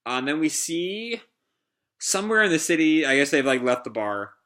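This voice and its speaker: Brief: casual man narrating a manga reaction, fairly high and bright, loose and profane. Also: very animated, normal speed. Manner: casual, lots of "like" fillers, swears. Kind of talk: live manga reading and reaction.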